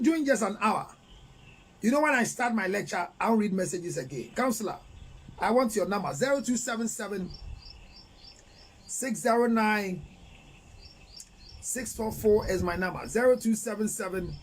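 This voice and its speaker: Against slight background noise, a high-pitched middle-aged man with a Ghanaian English accent gives relationship advice on a live stream. As a counselor reading viewers' messages, he lectures forcefully and asks rhetorical questions.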